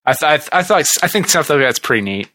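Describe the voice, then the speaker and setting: Male podcast host, casual chat, rambling, bright tone, dry close sound. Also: on the high side, fast talker, no room sound. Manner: rambling, animated retelling of TV scenes.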